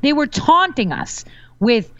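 A woman's voice: high-pitched, very animated, unhurried, no echo, highs cut off. A woman guest on a talk show, speaking in casual chat with assertive, confident claims.

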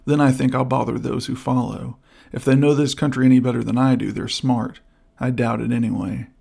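A man's voice: medium pitch, level tone, a little fast, creaky, darkish tone, slightly rough. A man reading the part of a cruel, mocking frontier captor who mutters his taunts. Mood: sneering. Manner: sneering, muttered. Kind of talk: audiobook character voice.

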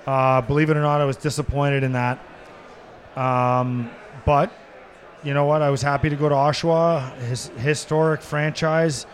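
A middle-aged man with a high voice spins stories on a live podcast taped in a sports bar. He acts out every quote and breaks into laughter and shouting at the punchlines. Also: little pitch movement, moderate pace. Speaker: podcast guest. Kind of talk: animated storytelling.

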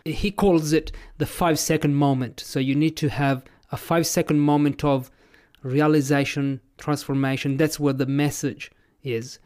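A man hosting a podcast interview, asking curious, measured questions. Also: on the high side, level tone, darkish tone, clear, resonant tone. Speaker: podcast host.

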